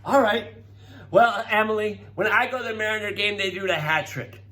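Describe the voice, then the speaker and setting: A middle-aged man telling children a science story, calling each child by name and getting excited as he goes. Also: sits high, moderate pace, poor audio. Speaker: presenter talking to children. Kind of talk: storytelling science talk for kids.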